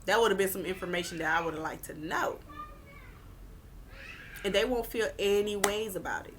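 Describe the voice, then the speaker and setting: A woman's voice: medium pitch, moderate pace, slight background noise. A woman vlogger giving blunt relationship advice in a casual rant, swearing and repeating her points for emphasis. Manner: animated, acts out quoted people.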